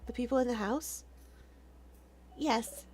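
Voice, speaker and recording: A woman voicing a soft-spoken worried young woman. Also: on the high side, slow, slight background noise. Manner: soft, anxious.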